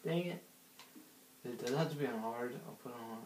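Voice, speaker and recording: A man's voice: medium pitch, a little fast, a little mellow, slight background noise. A man giving casual gameplay commentary, rambling and giggly, talking to himself while he plays. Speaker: gaming channel host. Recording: roomy echo.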